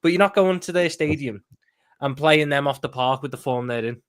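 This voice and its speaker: A man giving fired-up football analysis as a panel guest, repeating words as he pushes his points. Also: mid-range voice. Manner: fast, emphatic, repeats words when excited. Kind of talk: passionate match analysis.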